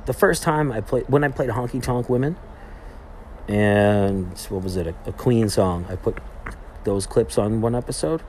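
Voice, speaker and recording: A young man with a low-pitched voice chats through his podcast in a loose, meandering way. He restarts his sentences often and leans on fillers as he goes. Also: normal speed, darkish tone, slight background noise. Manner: rambling, heavy on fillers and restarts. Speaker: podcast host. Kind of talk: casual monologue, retelling a trip.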